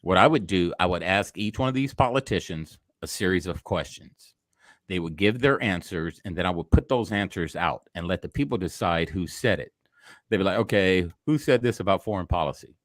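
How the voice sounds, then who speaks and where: A man's voice: low-pitched, moderate pace, no room sound, studio quality. A man co-hosting a reaction show, talking in a blunt, emphatic casual way.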